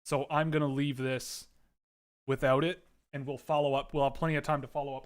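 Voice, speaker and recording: A man hosting a casual livestream from home, giving rambling, animated commentary with frequent restarts. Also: mid-range voice, fairly quick. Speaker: livestream host.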